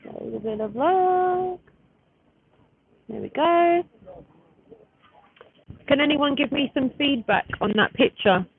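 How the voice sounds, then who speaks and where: A woman's voice: high voice, expressive, slow, pauses often. A woman in her thirties chatting casually on a live stream, rambling and breaking off to fiddle with her phone, outdoors at a street gathering. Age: 30s. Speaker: livestreamer. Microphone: phone camera. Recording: tinny phone-like audio with faint noise.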